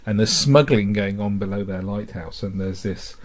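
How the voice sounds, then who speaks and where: A man's voice: fairly low pitch, moderate pace. A man, a regular on the show, chats casually and wryly retells scenes from old comedy films with a chuckle. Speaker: podcast regular guest. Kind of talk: casual chat.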